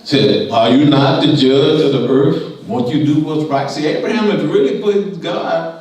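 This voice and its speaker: A man preaching a sermon, reading scripture and paraphrasing it in a lively, conversational way. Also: a little high, moderate pace. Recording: echoey room from far off.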